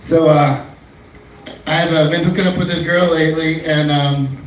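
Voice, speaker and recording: A man's voice: on the high side, fairly even intonation, moderate pace. A man doing a stand-up comedy set in a small club, telling crude, rambling stories. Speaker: stand-up comic. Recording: echoey room, far-off mic, faint noise.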